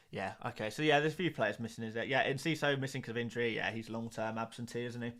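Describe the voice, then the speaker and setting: A man's voice: medium pitch, fast, fairly bright tone. A man hosting a casual live stream about fantasy football, talking to his chat with self-mocking asides. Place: home room.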